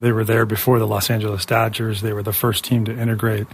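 A man's voice: on the low side, little pitch movement, quick pace, gravelly, a little hiss or hum. A man, an author, explaining history in an interview clip, with some fillers. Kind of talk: interview soundbite.

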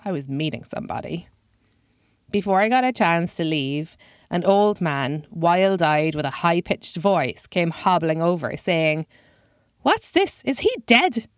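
A woman's voice: sits low, a little slow, smooth, dry recording. A woman comedian telling a first-person comic story in a dry, self-deprecating way.

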